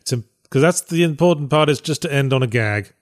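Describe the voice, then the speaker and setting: A man's voice: medium pitch, lively intonation, a little fast. A man, hosting a casual chat about reviewing games in a dry, wry, matter-of-fact way. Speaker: podcast host and game reviewer.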